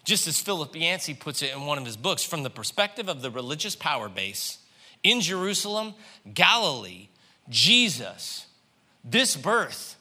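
A man preaching a sermon, animated, swinging between loud passages and hushed ones. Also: on the high side, normal speed, breathy edge. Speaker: pastor.

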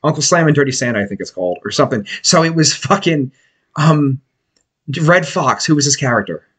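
A man with a husky, somewhat raised voice hosts a podcast, telling loose, profanity-laced stories that stop and restart as he goes. He talks casually into a studio microphone. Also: a little high, expressive, fairly quick, a bit bright. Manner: rambling, profane storytelling with restarts. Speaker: podcast host.

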